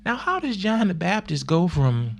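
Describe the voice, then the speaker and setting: A man's voice: sits high, big pitch swings, normal speed, creaky, slight background noise. A man who works as a youth minister, teaching on faith in a casual, conversational way that is full of fillers and acted-out quotes.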